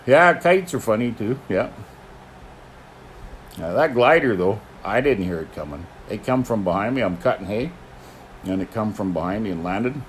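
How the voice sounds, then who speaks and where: Folksy older man, lively pitch. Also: normal speed, slight background noise. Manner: folksy storyteller, chuckles, clears throat often. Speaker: host, horse teamster. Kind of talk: casual chat answering viewer questions.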